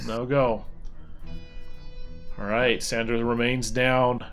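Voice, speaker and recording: Brief: laid-back male game master, mid-pitched, faint music underneath. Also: slow. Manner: relaxed narration with many "um"s. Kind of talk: narrating a tabletop game.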